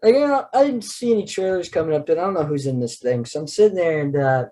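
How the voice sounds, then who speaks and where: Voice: medium pitch, expressive, quick pace, warm tone. A podcast co-host in casual chat, joking and acting out what people said. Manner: jokey, acts out quotes. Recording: chatter of other voices behind.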